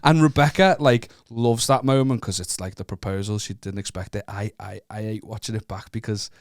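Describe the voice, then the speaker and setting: A man's voice: lowish voice, brisk, no room sound, studio quality. A young northern English man co-hosting a comedy podcast, telling a story in a loose, sweary, self-mocking way. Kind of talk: casual chat.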